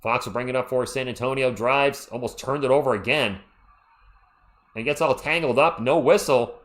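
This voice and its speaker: A man's voice: mid-range voice, normal speed. A man hosting a live play-by-play stream, calling the action as an open fan and greeting viewers in the chat. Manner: excitable, fan-biased, chatty with viewers. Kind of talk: live play-by-play commentary with chat shout-outs.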